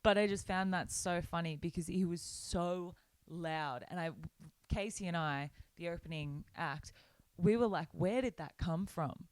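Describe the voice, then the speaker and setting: A woman's voice: on the low side, a little slow, hardly any pauses, darkish tone, no echo. A young woman co-hosting a casual podcast, telling stories in a bubbly way with plenty of likes and ums, talking from a small hotel room. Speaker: podcast co-host. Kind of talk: casual chat.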